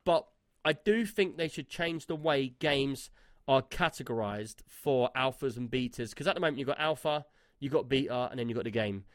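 A man's voice: mid-range voice, moderate pace, no echo, studio quality. A man co-hosting a casual gaming podcast, talking in a rambling way with many fillers and restarts. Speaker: podcast co-host.

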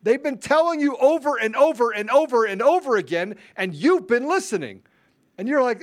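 A man's voice: very high voice, big pitch swings, a little fast. A man hosting a political commentary show, ranting in a fiery, repetitive, emphatic way. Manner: self-described introvert. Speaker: show host.

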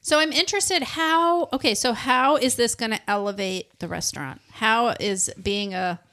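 A woman co-hosting a podcast, chatting in a lively, talkative way. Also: on the high side, normal speed. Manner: chatty, animated. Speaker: podcast co-host. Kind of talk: casual podcast conversation.

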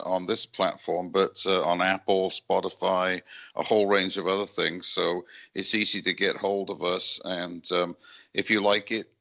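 A man hosting a radio interview, halting and reflective, with many fillers as he speaks. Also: deep voice, bright, forceful tone, lo-fi sound. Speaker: radio show host.

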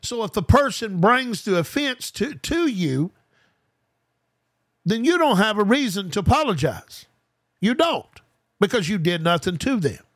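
A man's voice: high-pitched, sing-song, measured pace, a bit bright, dry recording. A man preaching an informal podcast sermon, fervent and colloquial, repeating key phrases and asking listeners rhetorical questions. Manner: speaks straight to listeners as "guys".

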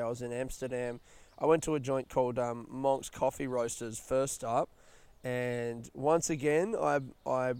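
Sitting outside in a smoking area near a housing estate, the young Australian podcast host rambles solo in a chatty, slightly rushed way, yawning and retelling stories with quoted voices. His medium-pitched voice has a darkish, clean tone.

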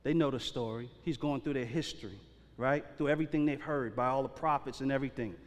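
Speaking quickly in a mid-range voice, a man preaches as pastor in a church sanctuary. His sermon is casual and slangy, and he keeps checking in with the congregation. Long reverb from the big hall fills the recording.

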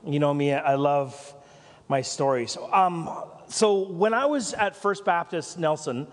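A Canadian pastor preaches in a rambling, anecdotal way, breaking off into asides and light jokes. His voice sits fairly high for a man. The sermon is recorded with a long reverb trailing in a church hall. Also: unhurried. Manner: rambling, self-interrupting storytelling with asides and jokes.

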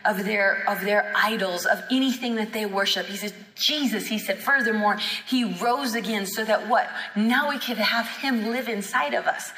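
Woman healing-school preacher, fervent and emphatic, bright, forceful voice, echoey hall. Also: medium pitch, moderate pace, hardly any pauses. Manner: fervent and emphatic, acts out quoted dialogue. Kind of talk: teaching sermon. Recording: echoey hall with long reverb.

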